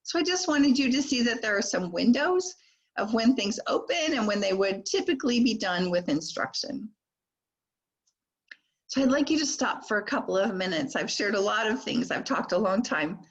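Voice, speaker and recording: Brief: older female literacy trainer, deliberate modeling of speech sounds, dull lo-fi audio. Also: medium pitch, expressive, husky. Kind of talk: recorded teacher training lecture.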